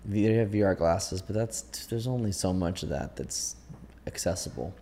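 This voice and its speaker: A man's voice: low-pitched, lively intonation, normal speed, warm tone, slight background noise. A man hosting a podcast, chatting casually and thinking aloud with lots of fillers. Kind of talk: casual chat.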